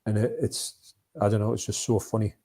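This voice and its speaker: A man with a gravelly, husky, dark-toned voice chats casually on a live stream about films. He rambles a little and reads out viewer comments as he goes. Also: on the low side, level tone, fairly quick. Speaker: co-host of a live movie chat.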